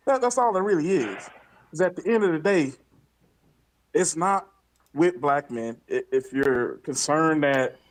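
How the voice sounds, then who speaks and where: A man's voice: medium pitch, rough recording. A man on a panel giving blunt, casual commentary with laughing asides. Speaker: panel guest.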